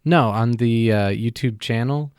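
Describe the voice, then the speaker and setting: A man with a smooth, resonant voice, joking dryly and teasing his co-hosts. The sound is close and dry, with no room echo. He is chatting casually on a podcast. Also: mid-range voice, measured pace, darkish tone. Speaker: podcast co-host. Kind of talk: casual chat. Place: home basement studio.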